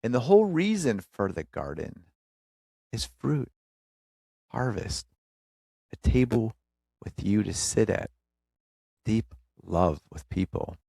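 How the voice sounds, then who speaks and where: A man with a lowish voice gives an earnest, exhorting motivational talk as a podcast host. He speaks in short, punchy phrases broken up by pauses and calls the listener brother. The sound is dry and close, with no room echo. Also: sing-song, gravelly, dark tone, slightly rough.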